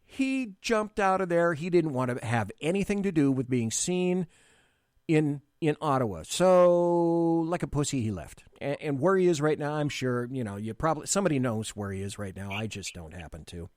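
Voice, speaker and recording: Male talk host, blunt and rambling, very animated delivery, dry close mic. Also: on the high side, moderate pace, no echo. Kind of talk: live political talk show.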